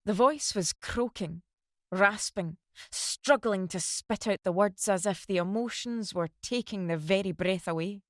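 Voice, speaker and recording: A woman's voice: medium pitch, a little slow, no room sound. Woman narrating a dramatic story, dry. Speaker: audiobook narrator.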